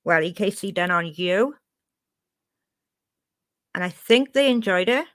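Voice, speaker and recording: A woman's voice: mid-range voice, expressive, a little slow, fairly bright tone. A woman with a Welsh accent chatting casually on a live stream, reading out and answering her chat.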